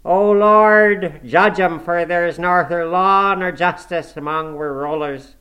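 A man's voice: sits high, slow, muffled recording, pitched above the performer's own voice. A man voicing a cantankerous, pious old male servant, scolding and groaning. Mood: ranting. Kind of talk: audiobook character voice.

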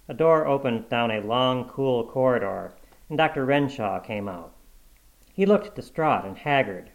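A man narrating a short story in a measured, even audiobook reading. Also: medium pitch, vocal fry, low-quality recording.

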